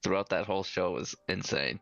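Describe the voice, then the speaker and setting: An easygoing man in casual chat, quick to laugh. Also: low-pitched, gravelly, fairly bright tone, dry recording. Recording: dry lo-fi audio with faint music.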